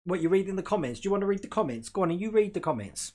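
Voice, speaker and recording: A man's voice: high voice, expressive, racing, a little mellow. A man hosting a hobby model-building livestream at home, chatting casually and rambling, laughing often and talking to his dog. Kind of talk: casual live-stream chat.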